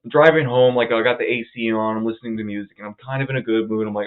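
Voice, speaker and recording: A man's voice: mid-range voice, very fast, hardly any pauses. Profane storytelling man, tinny line. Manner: profane, heated retelling with quoted outbursts. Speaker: podcast co-host. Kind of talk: casual storytelling. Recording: tinny phone-like audio.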